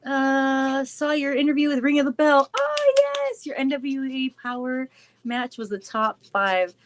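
A woman's voice: sits high, steady tone, measured pace, slight background noise. A woman hosting a casual live-stream chat with viewers, bubbly and giggly, breaking off to coo at her dogs. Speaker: show host chatting with viewers.

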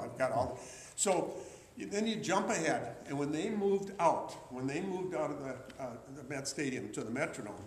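A man's voice: medium pitch, reverberant, slight background noise, poor audio. A man in his sixties telling rambling, chatty anecdotes to an audience, with restarts and uh's along the way. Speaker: memorabilia collector giving a talk. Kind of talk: anecdotal storytelling talk to an audience.

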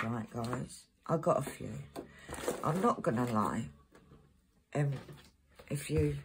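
A deep-voiced woman runs a crafting channel, chatting casually and rambling as she reads out codes during her work. There is background noise, including loud crinkling of packets.

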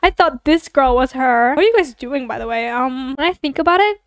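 A young woman giving casual, giggly commentary while playing an online building game with her subscribers, often gushing and excited. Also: high voice, fairly quick, no echo, soft background music. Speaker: gaming YouTuber.

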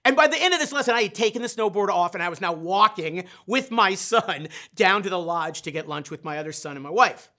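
Bright-voiced, animated middle-aged man. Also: high voice, brisk, few pauses. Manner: animated, self-mocking storyteller who questions the audience directly. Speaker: sales trainer. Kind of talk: storytelling in a live online training session.

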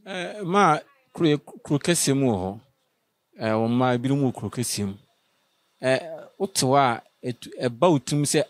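A man's voice: medium pitch, normal speed, dry recording. A man from Ghana interviewing an elderly woman, asking questions with hesitant restarts and brief acknowledgements.

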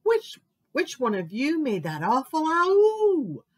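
A woman's voice: high-pitched, huge pitch swings, slow, pitched above the performer's own voice, exaggerated voice. A woman voicing a big male bear who grumbles and growls in a children's story. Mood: grumbly.

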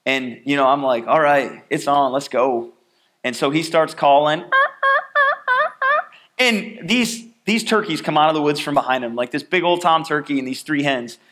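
High, bright-voiced man preaching. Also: moderate pace. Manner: animated, chatty storyteller acting out scenes. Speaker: pastor. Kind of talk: sermon with personal storytelling.

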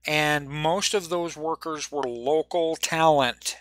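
Slow-talking bright game master man. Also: fairly high pitch, no room sound. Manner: relaxed, rambling, laughs often. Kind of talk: narrating a tabletop game.

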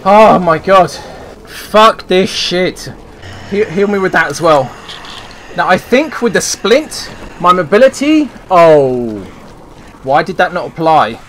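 Guy freaking out over a zombie game, cursing nonstop, kinda high voice, noisy mic. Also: a bit bright. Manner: swears a lot, talks to himself while playing. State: panicking. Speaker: gameplay streamer. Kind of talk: panicked survival-game commentary.

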